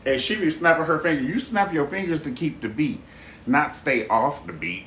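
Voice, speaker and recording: A man hosting a casual live chat stream with viewers. He talks in a sassy, expressive way, calls people honey and baby, swears freely and laughs loudly. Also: fairly high pitch, moderate pace, a little hiss or hum.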